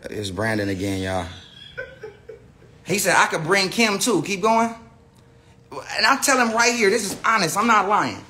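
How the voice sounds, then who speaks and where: A man's voice: high voice, very animated, normal speed, long pauses, bright, forceful tone, slight background noise. An American man ranting on a casual phone livestream, rambling with lots of slang, profanity and restarts. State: says he is high. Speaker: live streamer. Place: indoor room with a big screen.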